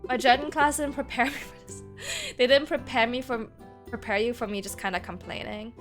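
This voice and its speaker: During her casual gaming stream, a young woman giggles and sometimes switches between English and German over faint game music. Her fairly high voice is steady in tone and a bit bright, and her pace is fairly quick.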